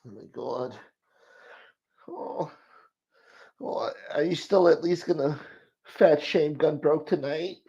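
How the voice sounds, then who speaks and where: Whiny, dramatic mob daughter, as a man puts her on, gravelly undertone, lo-fi. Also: fairly high pitch, slow pace, long pauses, mellow. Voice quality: whiny, melodramatic. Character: whiny, naive middle-aged mob daughter. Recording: muffled lo-fi audio.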